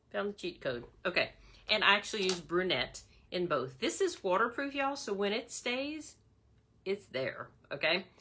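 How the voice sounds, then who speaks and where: Woman, casual makeup demo host, bright chatty voice, calls viewers y'all. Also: mid-range voice. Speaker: makeup demonstrator.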